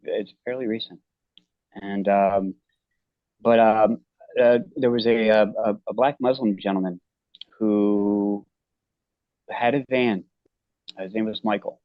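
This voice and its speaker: A man as an interview guest, telling a personal story in a halting, earnest way with many restarts. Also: fairly low pitch, fairly even intonation, dry recording, lo-fi sound.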